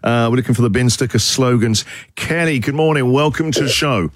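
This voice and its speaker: A man's voice: medium pitch, a little fast, no room sound. A man hosting a breakfast radio show, playful and effusive as he chats with callers. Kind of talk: lively morning radio chat with callers.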